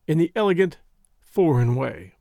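Guy narrating an old essay, high voice that swings around a lot, dry measured delivery. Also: big pitch swings, vocal fry, dark tone, dry recording. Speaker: narrator reading a classic essay. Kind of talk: scripted narration.

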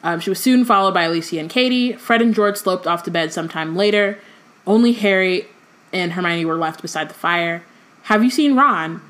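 A woman's voice: on the low side, a little fast, a bit bright. A woman co-hosting a podcast, reading a book aloud in an easygoing way with the odd filler between sentences. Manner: reads aloud with filler ums, chatty and exasperated between passages.

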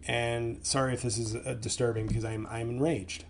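A man who hosts a comedy podcast, ranting angrily and profanely, stumbling over his words as his voice swings from loud outbursts to low mutters. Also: little pitch movement, a little fast, hardly any pauses, a little hiss or hum. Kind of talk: solo podcast rant.

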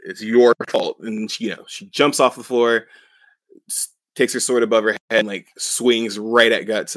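Rambling young man with a low voice. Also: sharp tone, dry recording. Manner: rambling, filler-heavy, chuckling. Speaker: podcast co-host. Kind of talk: casual story recap.

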